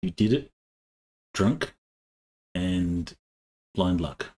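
A man playing in a tabletop game, chatting casually and speaking in a slow, hesitant way. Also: low-pitched, warm tone, husky. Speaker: player. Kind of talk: casual chat while planning a tabletop game.

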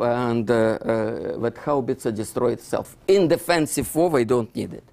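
A man's voice: medium pitch, gravelly, a little mellow. An older man from Russia with a heavy Russian accent, an author giving a book talk in broken English, full of fillers and "you see, so". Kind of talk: lecture presentation.

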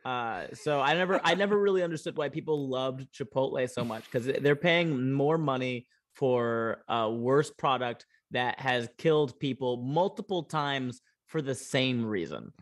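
A man's voice: medium pitch, a little slow, hardly any pauses. A man, a comedian guest on a podcast, telling jokes and stories in a casual, wry way. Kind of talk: casual interview chat, comic storytelling.

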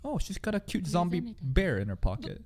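Excitable man reacting to anime, lively. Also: brisk. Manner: excitable, swearing, jumps between loud outbursts and low mutters. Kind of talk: live reaction commentary.

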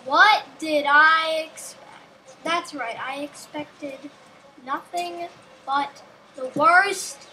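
A woman's voice: high-pitched, noisy background. A young woman giving casual, rambling gameplay commentary with a sarcastic streak, talking to herself and the game.

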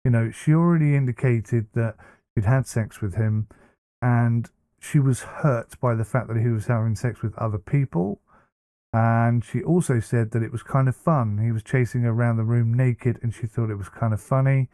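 Blunt man with a dark voice. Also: mid-range voice, normal speed, dry recording, clean studio sound. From United Kingdom. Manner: blunt, chatty, many fillers and restarts. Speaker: commentary host. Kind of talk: opinionated reaction commentary.

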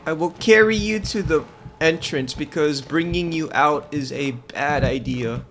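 A man's voice: fairly high pitch, unhurried, slight background noise. A man playing a co-op video game with friends in casual chat, yelping when startled and cooing baby-talk at a creature. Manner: excitable, yelps and baby-talk. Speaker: gamer.

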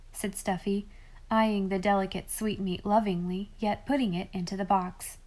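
A woman reading a classic children's novel aloud as an audiobook narrator, in gentle, even storytelling. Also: medium pitch, moderate pace. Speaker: audiobook reader.

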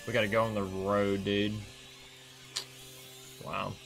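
A man streaming a video game, reacting with excited, profane casual commentary. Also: lowish voice, slow pace, vocal fry, a little hiss or hum.

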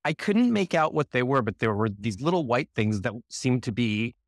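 A man's voice: medium pitch, very animated, normal speed, no echo, clean studio sound. A man co-hosting a math podcast, doing scripted comedy banter with a wry, teasing manner. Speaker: podcast co-host.

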